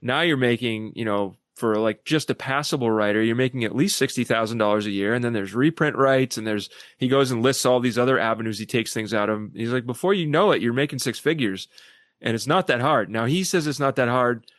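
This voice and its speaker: A man who is a podcast guest, telling stories animatedly and acting out quoted people in lively voices. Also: medium pitch, fairly quick, hardly any pauses, no echo, clean studio sound. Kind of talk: casual discussion.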